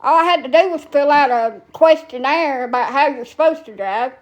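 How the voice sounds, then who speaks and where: A woman's voice: high-pitched, moderate pace, dull audio. Foul-mouthed woman ranting. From Alabama, USA. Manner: profane, blunt, rambling. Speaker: TikTok storyteller. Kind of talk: casual storytelling rant.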